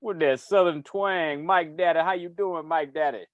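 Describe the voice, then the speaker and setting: A male co-host runs through soccer scores with loose enthusiasm and frequent laughter. His voice sits a little high, and the sound is dry and close, with no room echo. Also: moderate pace, dull audio. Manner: enthusiastic, laughs often, swears. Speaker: podcast co-host. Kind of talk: casual chat.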